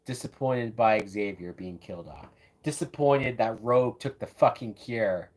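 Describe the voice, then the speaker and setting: A man's voice: fairly low pitch, moderate pace. A man giving casual, loose live commentary while watching a movie, often tossing in "man" and "like". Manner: loose, chatty, says "man" and "like" a lot.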